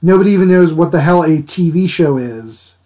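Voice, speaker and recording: A man's voice: a little high, expressive, a little fast, dark tone. A man chatting casually with his livestream viewers while he inks drawings, rambling and laughing as he answers them. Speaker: art livestreamer.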